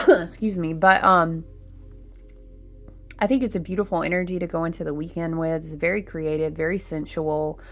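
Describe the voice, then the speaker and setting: A woman's voice: sits low, expressive, moderate pace, long pauses, fairly bright tone, faint music behind. A woman giving a casual spiritual tarot reading to her viewers. She talks in a chatty, rambling way, with lots of fillers and asides to "y'all". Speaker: tarot reader.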